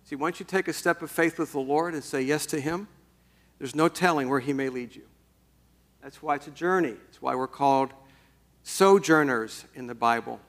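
Middle-aged guy preaching a casual folksy sermon, slightly high voice, lots of ums. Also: normal speed, a bit bright. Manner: folksy, conversational preaching with fillers. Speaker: pastor.

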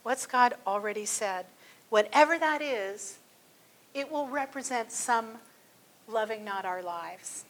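A woman's voice: medium pitch, bright, forceful tone. A middle-aged woman teaching a church class, telling personal stories in a chatty way with many fillers.

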